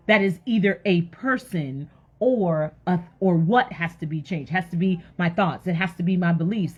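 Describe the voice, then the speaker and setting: A woman preaching a motivational message with a slightly husky, breathy voice. She fires off rhetorical questions and jumps into loud bursts of emphasis. The recording sounds a little dull and lo-fi. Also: mid-range voice. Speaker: motivational faith speaker. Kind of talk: energetic motivational sermon.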